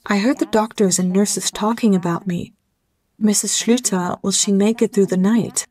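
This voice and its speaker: Calm, heartfelt middle-aged woman. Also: mid-range voice, normal speed. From Germany. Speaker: interview guest. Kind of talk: calm reflective interview.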